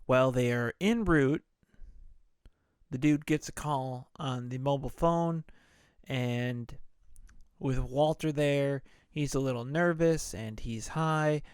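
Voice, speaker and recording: A man's voice: mid-range voice, slow, smooth, no room sound, clean studio sound. A man hosting a podcast, retelling a film in a laid-back, profane, casual way. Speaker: podcast host. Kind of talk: casual movie recap podcast.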